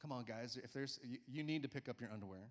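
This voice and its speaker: A man in his forties preaching a sermon in a church, energetic and coaxing, often urging listeners with "come on.". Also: mid-range voice, fast. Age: 40s. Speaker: pastor. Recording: church hall reverb.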